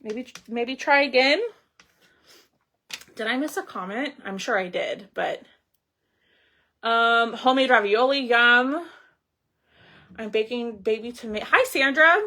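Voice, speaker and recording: A woman's voice: a little high, expressive, slow, creaky, pauses often, bright, forceful tone. Chatty woman hosting a craft livestream. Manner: chatty, reads viewer comments aloud while crafting. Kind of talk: casual craft livestream chat.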